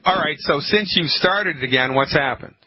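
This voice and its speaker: A man hosting a call-in health radio show, lecturing emphatically and repeating his points, with a frog in his throat that makes him keep clearing it. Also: on the high side, normal speed, dry recording. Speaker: radio talk show host. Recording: muffled radio broadcast with faint hiss.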